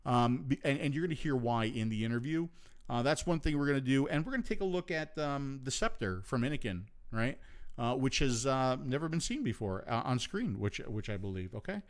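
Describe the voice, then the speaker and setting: A man's voice: medium pitch, big pitch swings, fairly quick. A man hosting a live online show and interviewing a guest, loose and friendly, with many restarts. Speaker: show host.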